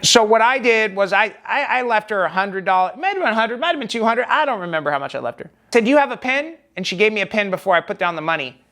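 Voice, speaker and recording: A man's voice: high-pitched, expressive, fast, bright, forceful tone. A man telling a personal story in a vlog, rambling and emphatic with frequent restarts. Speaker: vlogger.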